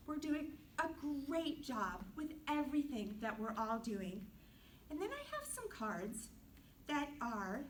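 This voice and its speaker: A woman teaching a guided kids yoga class in a gentle, playful, sing-song way, softening to a hush for relaxation. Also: high-pitched. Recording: distant camera mic, faint room noise.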